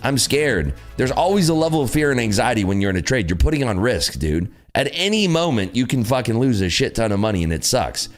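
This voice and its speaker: A man's voice: medium pitch, a little fast, hardly any pauses, faint music behind. A man hosting a live day-trading stream, talking casually and bluntly with lots of swearing and laughter. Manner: blunt, profane, laughing, animated. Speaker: livestream host, day trader. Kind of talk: casual livestream chat.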